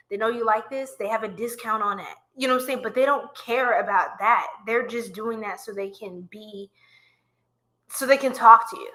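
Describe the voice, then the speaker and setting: A woman gives a live tarot reading to her viewers. Her voice is bright and a little high, and she keeps things chatty and playful, laughing often. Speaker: tarot reader.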